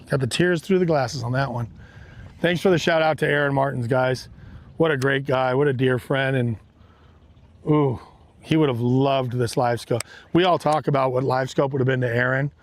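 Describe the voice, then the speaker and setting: A man hosting a live fishing stream from a boat on a lake, talking excitedly to his viewers. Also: on the high side, normal speed. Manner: excited, exclamatory, talks straight to viewers. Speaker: fishing livestream host.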